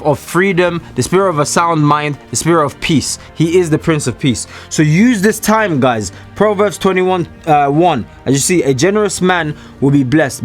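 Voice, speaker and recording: A man with a somewhat high voice delivers a preachy motivational talk alone in a small room. He speaks straight to his viewers, emphatic and repetitive. Faint music plays underneath.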